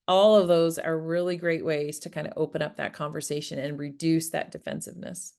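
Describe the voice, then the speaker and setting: A woman's voice: deep voice, fairly even intonation, a little fast, creaky, hardly any pauses, a little mellow. A woman presenting an interactive workshop, talking in an engaging way, asking the audience questions and acting out example phrases. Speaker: workshop presenter on farmer wellbeing. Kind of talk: interactive online workshop talk. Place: Prince Edward Island, Canada.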